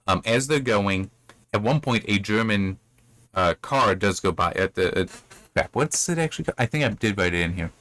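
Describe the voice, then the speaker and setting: A man who runs a channel reviews a book chapter casually, retelling the plot in a rambling way and slipping into playful mock voices. His voice is lowish, animated and a bit bright, at normal speed, with no room sound.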